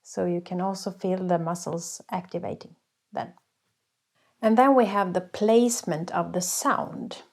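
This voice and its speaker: A woman's voice: on the low side, a little slow, gravelly, a little mellow. A woman vocal coach teaching a folk singing workshop, explaining exercises patiently with sung demonstrations.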